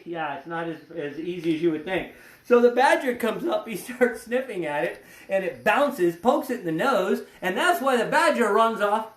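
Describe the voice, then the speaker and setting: A man's voice: sits high, fairly bright tone. A man hosting an educational animal show, chatting playfully and cracking jokes as he handles the animals. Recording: roomy echo.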